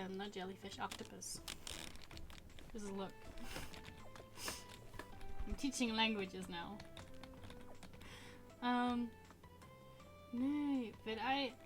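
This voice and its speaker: A young woman in her twenties streaming a game, chatting casually in a rambling, self-correcting way and laughing often. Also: medium pitch. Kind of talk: casual gaming stream chat. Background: game music and keyboard typing.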